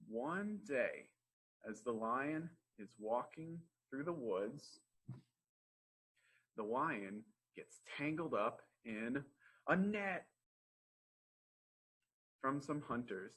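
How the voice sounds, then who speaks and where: A young man reading stories aloud for preschoolers, animated and encouraging. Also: medium pitch, poor audio. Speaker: library storytime reader.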